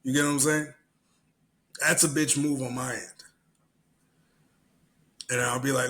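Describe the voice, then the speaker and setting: A man hosting a solo podcast, telling animated, profane stories and giving his opinions. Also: mid-range voice, a little slow, long pauses, rough recording. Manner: profane, animated storyteller who acts out other people's lines. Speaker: podcast host. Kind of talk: solo podcast commentary and storytelling.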